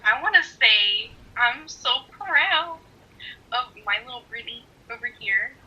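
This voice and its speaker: A woman's voice: fairly high pitch, animated, measured pace, bright, forceful tone, lo-fi sound. A woman on a video call gushing with enthusiasm, giggly and effusive. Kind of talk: casual message on a video call.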